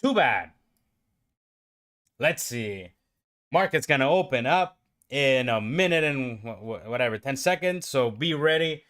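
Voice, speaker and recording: A man giving live trading commentary on his own stream, talking to himself and his viewers and swinging from calm explaining to excited outbursts. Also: medium pitch, moderate pace. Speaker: livestream day trader.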